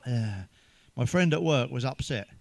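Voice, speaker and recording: A man's voice: medium pitch, animated, unhurried, gravelly, dry recording. An English man doing crude one-liner stand-up, swearing heavily and laughing at his own jokes. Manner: sips a drink between jokes. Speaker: stand-up comedian.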